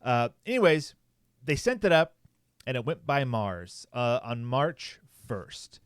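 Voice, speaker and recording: A man's voice: mid-range voice, big pitch swings, slow pace, smooth, dry recording, clean studio sound. A man co-hosting a podcast, casually reading a news article aloud, with frequent fillers and joking asides. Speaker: podcast co-host.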